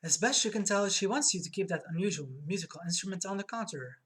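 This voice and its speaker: A woman streaming a video game, reading its text aloud with soft muttered asides. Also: medium pitch, expressive, quick pace, husky.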